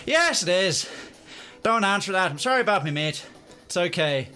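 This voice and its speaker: A man playing a sharp, scolding pub woman. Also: high-pitched, moderate pace, faint music behind, voice pushed up. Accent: Northern Irish (attempted). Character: scolding woman, drunk friend's mate.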